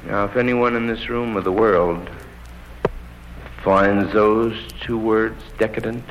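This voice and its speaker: A man's voice: lowish voice, fairly even intonation, takes it slowly, noisy background. A man performing a stand-up comedy routine in a repetitive, mocking, escalating manner. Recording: dull lo-fi archive recording with music.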